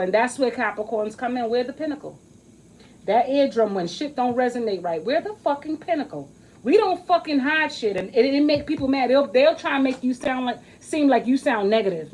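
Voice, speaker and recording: Animated, profane woman in a rambling vlog. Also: fairly high pitch, rough recording. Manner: profane, emphatic, rambling and joking. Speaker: astrology reading creator. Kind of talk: casual monologue vlog.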